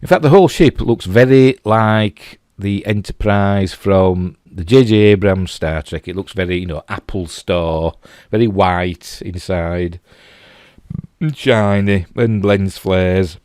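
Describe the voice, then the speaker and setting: A man's voice: deep voice, takes it slowly, a little mellow, smooth, no room sound, studio quality. A man with a Yorkshire accent reviewing a TV episode in a loose, rambling way, full of "you know" and restarts. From Yorkshire, England. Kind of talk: casual spoken review.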